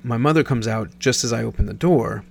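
Here the same kind of speaker, a man in his thirties from Nebraska, sounds brisk and creaky at medium pitch. He wanders through a relaxed personal story, frequently self-correcting and starting over.

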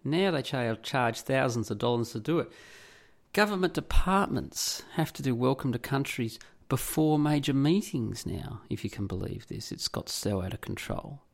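A man's voice: mid-range voice, animated, moderate pace, gravelly. An Australian man hosting a podcast, delivering an indignant, sarcastic and profane solo rant. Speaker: podcast host. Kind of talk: solo ranting monologue.

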